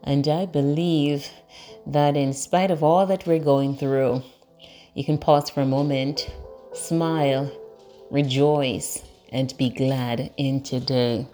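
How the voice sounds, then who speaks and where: A woman hosting a morning devotional, praying softly and slowly at home. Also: low-pitched. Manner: slow, soft prayerful delivery; sing-song greetings, baby talk to her dog. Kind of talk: morning prayer and encouragement. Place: bedroom at home.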